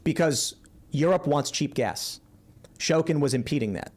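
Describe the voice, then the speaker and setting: A man's voice: a little high, measured pace. A man in a heated political debate who argues insistently and presses his opponent with yes-or-no questions.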